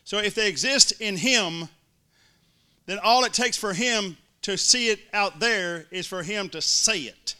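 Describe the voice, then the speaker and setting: A man's voice: sits high, measured pace, bright, forceful tone, clean tone. A male preacher, delivering an emphatic sermon to a congregation and mimicking complainers in little voices. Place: church before a congregation.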